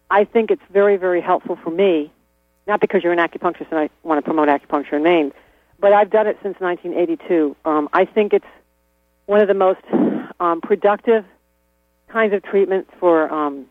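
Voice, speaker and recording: A man with a high voice chats casually as an interview guest, laughing often and restarting his sentences. There's no room sound, but the line is tinny and phone-like, with mains hum.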